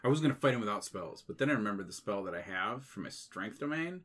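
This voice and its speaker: A man's voice: fairly low pitch, animated, fast talker, fairly bright tone. A man playing a tabletop game, speaking plainly and matter-of-factly. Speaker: player.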